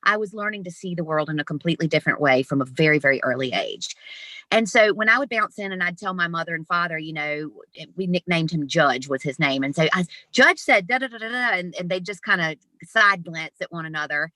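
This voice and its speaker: A woman in her fifties, an animated guest telling stories with laughs in an interview over a video call. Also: deep voice, fairly quick, dry recording. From Southern United States. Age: 50s. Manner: animated, laughing, lively storyteller. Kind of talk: storytelling interview.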